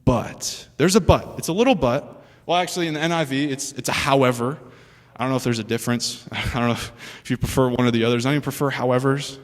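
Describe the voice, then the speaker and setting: A young man preaching a sermon to a room, animated and chatty, with laughing asides and questions for the audience. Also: medium pitch, fast. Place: church hall with an audience. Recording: long hall reverb.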